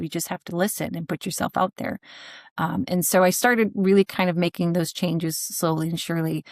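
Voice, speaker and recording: Candid low-voiced woman telling her story. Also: dry recording, clean studio sound. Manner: candid, jokey, many "you know" fillers. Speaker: podcast guest. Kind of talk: personal storytelling in conversation.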